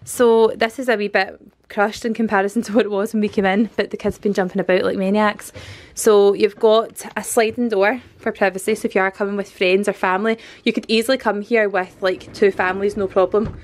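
A woman's voice: medium pitch, level tone, fairly quick. A Scottish woman in her thirties giving a chatty, enthusiastic walkthrough tour of a converted canal barge as a family vlogger, filled with "like".

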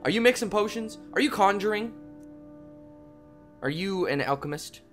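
A young man hosting a game play video, talking to viewers in a goofy way and breaking into loud yelps and yells. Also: sits high, expressive, moderate pace. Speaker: gaming channel host. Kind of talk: let's play commentary. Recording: game music playing softly behind.

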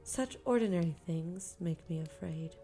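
A woman's voice: on the low side, measured pace, mellow, faint music behind. A woman narrating a horror short story in the first person, in a tense, dramatic reading.

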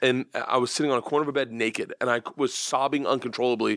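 A comedian man in his forties, a podcast guest telling stories in a high-energy, swearing way, with sudden shrieks and acted quotes. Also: fairly even intonation, fast, fairly bright tone, dry recording, clean studio sound. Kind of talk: casual podcast chat.

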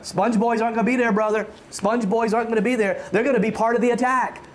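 High-voiced man preaching fervently. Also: steady tone, fast. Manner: fervent preaching with frequent stammered restarts, rising to shouts. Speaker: pastor. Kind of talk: sermon.

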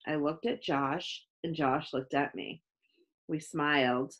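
A woman reading a children's chapter book aloud in a slow, expressive storytelling manner. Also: low-pitched.

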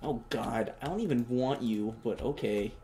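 A young man doing joking let's play commentary, reacting loudly and talking in slang. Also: mid-range voice, normal speed. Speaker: gamer.

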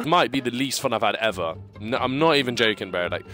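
A young man giving casual, excitable gameplay commentary, ranting and stammering, with sudden high yelps. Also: quick pace, hardly any pauses, soft background music. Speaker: gaming YouTuber.

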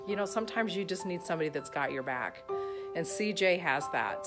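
A woman with a fairly low voice gives a gushing, rambling testimonial, full of ums and uhs. Music plays clearly under her words. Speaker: coaching client giving a testimonial. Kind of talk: emotional testimonial video.

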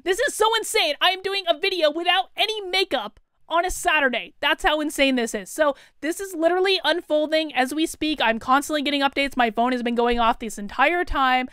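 A woman's voice: high-pitched, brisk, a bit bright, no echo, clean studio sound. A woman hosting a breaking-news political commentary vlog, talking with emphatic, incredulous indignation.

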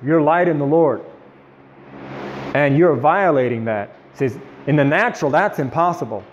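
A man leading an informal Bible study, chatting with the group and slowing down to quote scripture. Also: on the high side, muffled recording, slight background noise. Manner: conversational, quoting scripture slowly.

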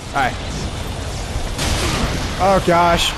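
A man giving excitable let's-play commentary who yelps and shouts during fights. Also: a little high, unhurried, long pauses. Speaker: game streamer. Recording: noisy game audio behind the voice.

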